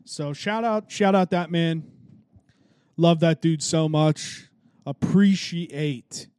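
A man's voice: fairly high pitch, a little mellow, no echo. A young man hosting a casual solo podcast, telling stories in a joking, profane, self-mocking way. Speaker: podcast host.

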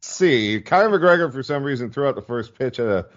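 A man co-hosts a casual podcast chat. His voice swings widely in pitch, and he swears freely with quick laughs. The audio sounds dull and lo-fi. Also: lively intonation, a bit bright, no room sound. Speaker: podcast co-host reading listener questions.

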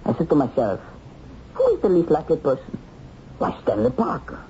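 Brief: a taunting, chuckling pursuer, lively pitch, dark tone, dull vintage TV track. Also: male voice, a little fast. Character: male hunter of a war criminal, mocking then torn. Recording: dull old TV soundtrack, some noise.

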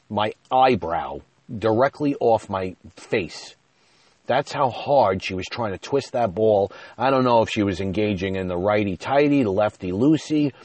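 A man hosting his own podcast, telling a rambling, self-deprecating story full of "you know," his voice jumping up and getting loud when he retells an argument. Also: on the low side, husky, no room sound. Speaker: podcast host. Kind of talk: casual storytelling monologue. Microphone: podcast mic.

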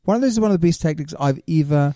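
A man co-hosting a casual rugby podcast, chatty and quick to laugh, often trailing off mid-sentence. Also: a little high, lively intonation, dark tone, no echo, studio quality. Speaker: podcast co-host. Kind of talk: casual chat.

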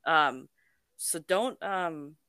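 A woman co-hosting a podcast, talking in a relaxed, conversational way with filler words. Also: low voice, very slow, clear, resonant tone, no echo. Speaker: podcast co-host. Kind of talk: casual chat.

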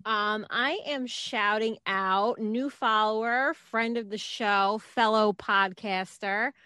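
A woman's voice: medium pitch, slow pace, sharp tone, clear, resonant tone, dry recording, studio quality. A woman co-hosting a sports podcast, cheerful and giggly in casual chat. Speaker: podcast co-host.

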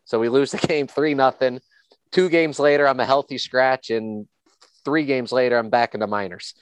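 A man's voice: mid-range voice, moderate pace, clear, resonant tone. A middle-aged man, a former hockey player, telling stories in a casual, rambling chat and often repeating words as he starts a sentence.

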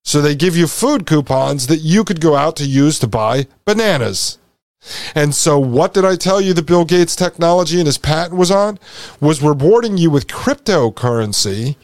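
A man with a fairly high voice hosts a podcast, talking over a video in an emphatic, insistent way. He repeats his points and drops in sarcastic remarks. The sound is dry and close, with no room echo. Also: a little mellow. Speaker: podcast host. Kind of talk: commentary over a played video.

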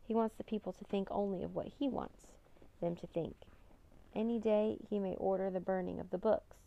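A woman voicing an earnest, sorrowful male scholar who speaks in a solemn, measured way. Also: medium pitch, steady tone, creaky, mellow, highs cut off, close to an everyday voice.

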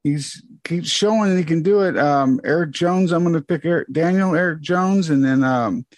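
A man co-hosting a casual motorsport chat, talking in halting stretches and restarting often. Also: a little high, dry recording. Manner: halting, restarts often, plugs his website. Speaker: motorsport podcast co-host. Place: home, with dogs.

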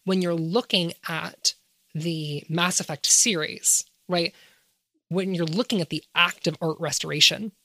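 A woman's voice: on the low side, steady tone, a little slow, bright, forceful tone, dry recording. A woman talking through an idea in an academic way, asking rhetorical questions as she explains. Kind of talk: casual analytical discussion.

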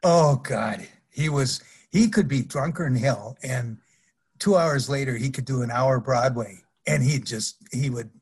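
A man's voice: medium pitch, a little slow, slightly rough. An older man, a former wrestler, telling rambling anecdotes in an interview, full of restarts and laughter. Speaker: guest, former pro wrestler. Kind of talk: storytelling interview.

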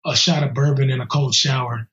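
A police officer being interviewed in a casual way, talking bluntly and heatedly with slang and halting restarts. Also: male voice, mid-range voice, fairly even intonation, fairly bright tone. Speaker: police officer interviewed about a violent attack. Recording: muffled lo-fi audio.

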